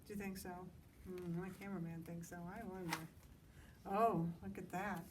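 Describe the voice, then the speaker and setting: A woman librarian reading a picture book to children outdoors, pausing for chatty asides and questions. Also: on the low side, fairly even intonation, far from the mic, background noise. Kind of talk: outdoor story time reading.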